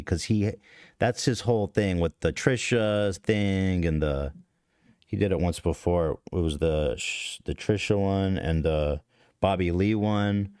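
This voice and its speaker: Sitting low and darkish, this male podcast host's voice is clear and resonant, recorded with studio quality and no echo. He rambles through a confessional story in a casual, profane, self-deprecating manner, with many restarts.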